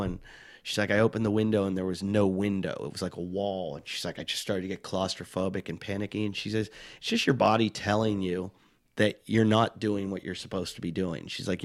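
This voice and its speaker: A middle-aged man, a touring comic, telling rambling self-mocking stories in casual chat and acting out the people he quotes. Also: fairly low pitch. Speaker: touring stand-up comic, podcast guest.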